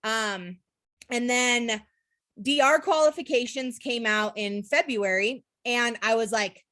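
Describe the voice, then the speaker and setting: A woman's voice: on the high side, measured pace, fairly bright tone, dry recording. A young woman from Utah telling her network marketing story in a casual, candid way, full of "like" and "literally" and the odd swear word. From Utah, USA.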